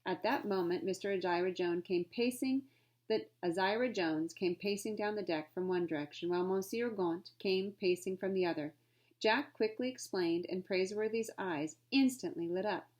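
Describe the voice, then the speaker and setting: A woman reads a children's storybook aloud. Her narration is clear and steady. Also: mid-range voice, normal speed. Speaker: reader.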